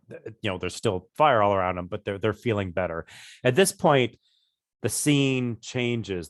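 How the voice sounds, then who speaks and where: A man narrating as game master of a tabletop game, describing scenes in a deliberate, unhurried way. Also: fairly low pitch, no echo, studio quality.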